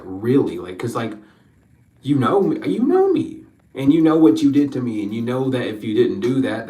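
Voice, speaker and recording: A man's voice: mid-range voice, a little mellow, reverberant, distant mic, rough recording. A man giving an emotional spiritual reading, rambling, repeating his questions and swearing freely. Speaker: spiritual card reader.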